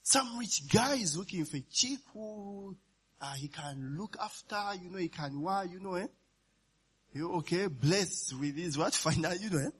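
A high-pitched, husky man preaches in a sermon style. His pitch swings widely as he checks in with his listeners and chuckles between points. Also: animated, measured pace. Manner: call-and-response asides, often asks "you understand?" and "eh?", laughs while preaching.

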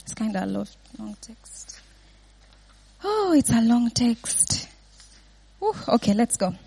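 A woman's voice: on the high side, sing-song, slow pace, gravelly, warm tone, husky. A woman giving an informal Bible teaching, often laughing and checking in with her listeners with "yeah?" and "right?".

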